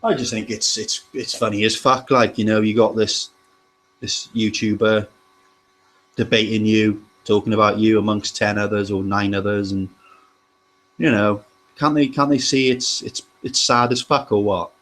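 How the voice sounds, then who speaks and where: A man's voice: lowish voice, fairly even intonation, moderate pace, fairly bright tone. A man calling in to a casual livestream chat, swearing and repeating words as he starts sentences. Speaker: guest caller.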